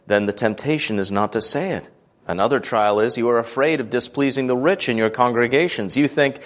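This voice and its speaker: A man giving a scripted devotional reading, measured and earnest, lifting his voice for quoted speech. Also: mid-range voice. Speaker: devotional reader.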